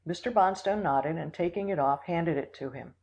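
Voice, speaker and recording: Steady audiobook narrator, mid pitch. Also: normal speed, rough recording. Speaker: audiobook reader. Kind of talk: scripted narration.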